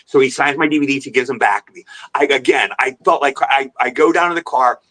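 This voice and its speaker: A man as a podcast guest, telling an animated, rambling anecdote in a storytelling way and repeating himself. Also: mid-range voice, fast.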